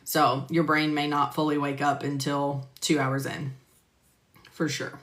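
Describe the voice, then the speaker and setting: Low-pitched and level, her fairly bright voice runs a little slow. She teaches medical coding in a relaxed live stream, answering viewers by name with plenty of fillers, and the phone or computer mic picks up an echoey room.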